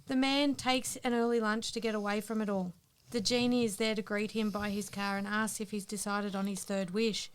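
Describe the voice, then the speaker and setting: A woman podcast co-host telling a long joke story in a casual chat, teasing and quick to laugh. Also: medium pitch, fairly even intonation, clear, resonant tone.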